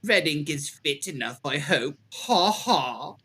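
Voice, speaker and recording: A man voicing a gleeful male Victorian killer with a put-on British accent, reading a taunting letter in a halting, mocking way. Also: on the high side, expressive, sharp tone, heavily acted. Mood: gloating. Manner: mocking, cackling, halting read.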